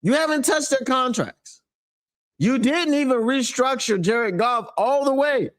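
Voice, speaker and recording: A man's voice: very high-pitched, unhurried, fairly bright tone. A man hosting a fan sports show, giving emphatic, casual commentary and laughing often.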